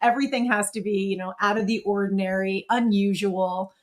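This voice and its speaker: A middle-aged woman speaking as an interview guest, telling animated stories with lots of laughter. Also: medium pitch, brisk. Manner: animated, laughs often, quotes others in her stories. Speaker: interview guest, former dancer. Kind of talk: casual interview storytelling.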